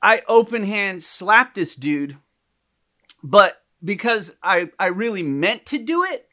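Animated bright-voiced man telling a story. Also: high-pitched, takes it slowly. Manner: animated, rambling with restarts and laughs. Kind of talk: casual chat, storytelling.

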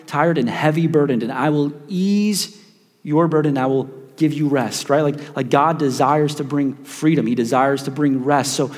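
A male pastor preaching a sermon, telling a story with playful asides and frequent restarts. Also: mid-range voice. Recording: long hall reverb.

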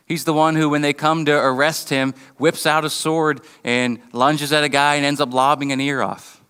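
A man's voice: fairly high pitch, level tone, moderate pace, fairly bright tone, smooth. A man preaching a sermon in a conversational, storytelling way, often restarting his sentences. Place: church hall. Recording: long reverb of a hall.

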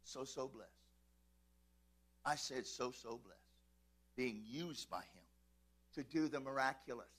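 A male pastor preaching fervently in a church, swinging from shouts to quiet asides and calling out to his congregation. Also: medium pitch, lively intonation, takes it slowly, long pauses, breathy edge. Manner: addresses congregation, calls and repeats. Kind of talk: preaching a sermon.

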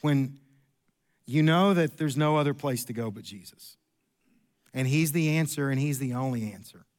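A middle-aged man preaching a sermon in a church, an animated storyteller who jumps his pitch up for quoted lines. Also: moderate pace. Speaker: pastor. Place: church sanctuary.

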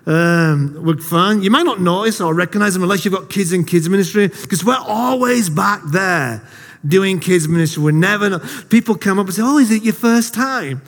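A fairly high-voiced man preaches in a casual, storytelling way, poking fun at himself. His voice rings out with a long reverb from the hall. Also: normal speed. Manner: jokey, self-deprecating storyteller. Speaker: lay preacher. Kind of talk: casual sermon to a congregation.

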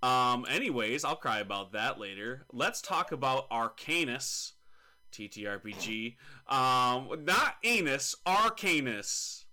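A man in his thirties, co-hosting a casual tabletop podcast. His voice has a bright, forward ring at an ordinary pitch. He rambles good-naturedly, teasing his co-host and trailing into fillers. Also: sing-song, unhurried. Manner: joking, mock-scolding, rambling with fillers. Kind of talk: casual chat about tabletop games.

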